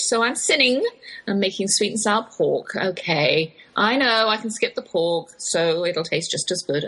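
Husky English woman hosting radio. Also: medium pitch, a bit bright, poor audio. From West Germany. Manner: cheerful, chatty, faith-inflected. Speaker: radio show host. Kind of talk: chatty scripted radio monologue.

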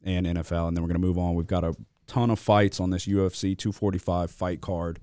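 A man with a very low voice hosts a casual sports podcast. He talks in a loose, animated way and swears freely. The sound is dry and close. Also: fast, dry recording. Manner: animated, profane, venting. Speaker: podcast host.

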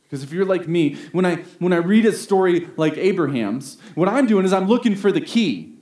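A man delivers a sermon in a somewhat high voice. He is earnest, climbs to emphatic peaks and slows down to stress key phrases. His voice echoes through a roomy space. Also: expressive, darkish tone. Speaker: pastor. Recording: roomy echo.

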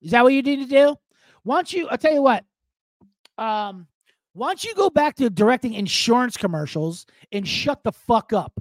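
A loud, high-pitched, indignant action-star man, boasting and swearing at a director, as a man puts him on. His pitch swings widely and the sound is dry. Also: animated, normal speed, no echo. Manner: profane, shouting rant.

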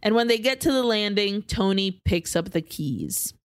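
A woman co-hosting a podcast, casually recapping a film plot as an animated storyteller who swears freely. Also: medium pitch, normal speed, dry recording. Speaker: podcast co-host.

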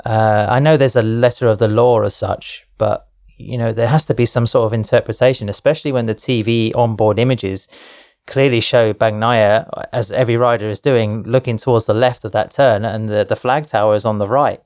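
Low-voiced man hosting a studio chat. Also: fairly even intonation, moderate pace, a little mellow, no echo. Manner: hesitant, many fillers. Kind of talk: studio discussion.

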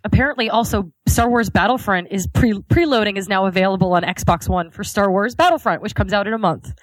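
A woman's voice: medium pitch, brisk, no echo, rough recording. A woman co-hosting a casual gaming podcast, blunt and emphatic. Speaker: podcast co-host. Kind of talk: casual chat.

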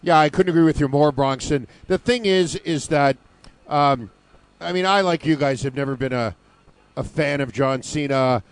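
A man's voice: fairly high pitch, moderate pace, clean tone, no echo. A man co-hosting a wrestling radio show, chatty, laughing easily and swearing for emphasis. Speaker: wrestling podcast co-host. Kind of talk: casual profane commentary.

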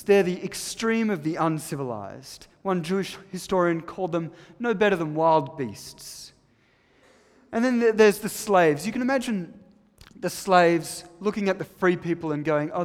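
A male preacher delivering a sermon with a slightly raised voice. He leans hard on key words, then drops into quiet, low asides. The sound is a church hall with long, lingering reverb. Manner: emphatic, shifts between loud stresses and soft, low asides.

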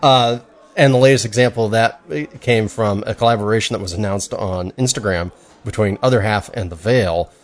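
Low-voiced man chatting on a podcast. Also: a little fast. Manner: rambling, with fillers and restarts. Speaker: podcast co-host. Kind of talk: casual chat.

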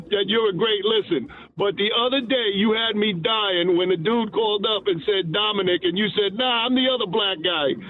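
Guy calling in from nassau county, high voice, all hyped and casual, phone line. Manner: enthusiastic, complimentary, casual. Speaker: caller. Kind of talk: phone-in chat.

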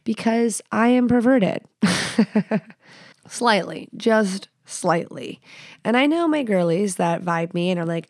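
A woman's voice: medium pitch, measured pace, darkish tone, no echo, studio quality. A woman in her thirties hosting her own podcast, talking in a candid, crude and self-mocking way, swearing often and peppering her speech with "like". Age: 30s. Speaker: podcast host. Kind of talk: casual solo podcast monologue.

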